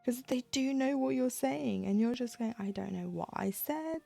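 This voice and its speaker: A woman's voice: fairly high pitch, normal speed, creaky, few pauses, warm tone, faint music behind. A woman chatting casually on a live stream while she stitches, acting out little quoted exchanges with a self-deprecating humor.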